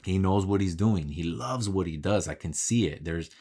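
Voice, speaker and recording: A man's voice: deep voice, normal speed, mellow, breathy edge. A man talking in a casual, candid vlog monologue, swearing freely and telling stories about his work. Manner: profane, candid, talks through stories. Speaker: vlogger.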